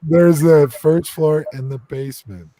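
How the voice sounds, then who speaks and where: Mellow-voiced American man, playful host. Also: on the high side, steady tone, unhurried. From United States. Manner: playful, teasing banter. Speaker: paranormal investigator and host. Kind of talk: casual group chat.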